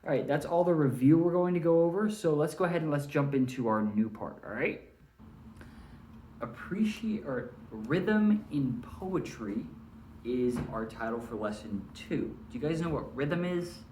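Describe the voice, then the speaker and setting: A man's voice: a little high, expressive, moderate pace, dark tone, a little hiss or hum. Teacher man in a roomy distant recording. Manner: friendly, checks in with "all right?" often. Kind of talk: recorded classroom lesson.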